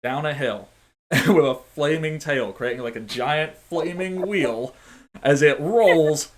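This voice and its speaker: A man narrating as game master in a tabletop game, animated and playful, with sound effects. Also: a little high, slow, background noise.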